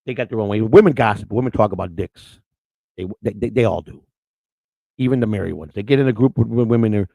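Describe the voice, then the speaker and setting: A man's voice: on the low side, animated, fast, creaky, warm tone, no room sound, low-quality recording. A man hosting a live-stream morning show, rambling in unscripted chat, blunt and crude, restarting his words again and again.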